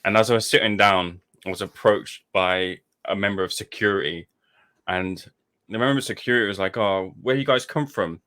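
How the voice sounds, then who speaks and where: A man's voice: on the low side, a little fast. A man, a guest on a podcast, telling a casual story and acting out the dialogue. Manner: animated storyteller, acts out dialogue.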